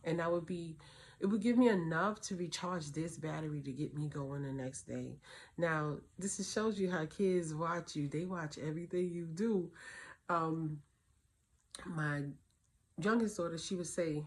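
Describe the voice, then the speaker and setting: A middle-aged woman with a fairly low voice talks casually about raising her girls alone. She is animated and keeps jumping into little voices for her kids and for herself. It sounds like a relaxed, heartfelt advice chat. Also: moderate pace. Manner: animated storyteller, acts out her kids' and her own voices. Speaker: host.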